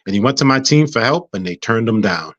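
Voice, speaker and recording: Male guest, rapid storyteller who acts out conversations, stumbles and restarts a lot; dry, dull recording. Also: fairly low pitch, no room sound. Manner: animated, acts out dialogue, frequent stammers and restarts. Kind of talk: casual storytelling.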